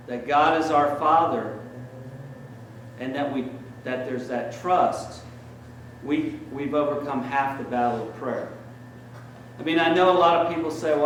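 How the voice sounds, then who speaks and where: A priest with a mid-range voice preaches in church, storytelling in an easygoing way with plenty of fillers. The mic is distant, the room echoes, and there's a slight hiss or hum.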